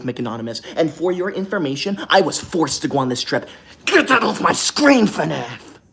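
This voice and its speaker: A young man hosting a livestream from a hotel room, reading super chats aloud and breaking into melodramatic, indignant outbursts. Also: a little high. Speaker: livestream host.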